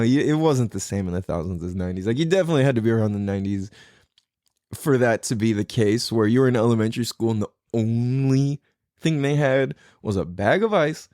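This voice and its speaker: A man's voice: mid-range voice, a little mellow, no echo, studio quality. A man in his thirties hosting a podcast, telling stories casually, rambling, swearing often and losing his thread. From California. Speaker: podcast host. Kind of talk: casual storytelling.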